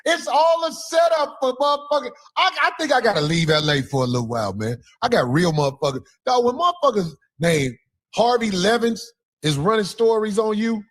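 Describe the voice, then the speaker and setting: Husky high-voiced man ranting. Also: fairly quick. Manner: profane, mocking, animated ranting. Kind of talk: heated casual commentary.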